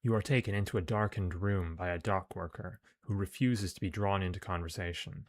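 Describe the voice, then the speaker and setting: A man's voice: low-pitched, fairly even intonation, a little fast, few pauses, no room sound. A man reading game text aloud as narration, with casual, sometimes profane asides. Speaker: game streamer.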